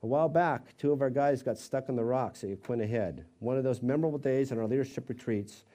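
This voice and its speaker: Mellow-voiced man preaching a sermon. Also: medium pitch, fast talker. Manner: expressive, acts out quoted voices. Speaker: pastor of a college fellowship.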